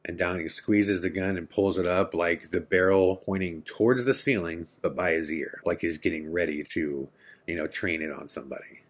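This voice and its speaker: A man's voice: sits low, steady tone, normal speed. A man hosting a podcast, telling a true personal story in an intense, earnest way. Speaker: podcast host.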